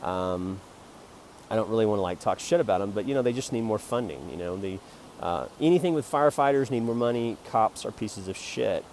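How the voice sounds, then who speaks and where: A man rambling jokingly about his photo prints in a self-promoting monologue, jumping between loud bursts and quiet mutters. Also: fairly low pitch, expressive, brisk, a little hiss or hum. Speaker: amateur photographer selling prints.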